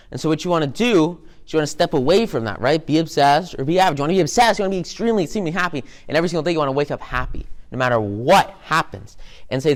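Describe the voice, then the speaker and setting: A man giving an upbeat, rambling motivational talk with lots of energy. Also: on the high side. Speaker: motivational speaker.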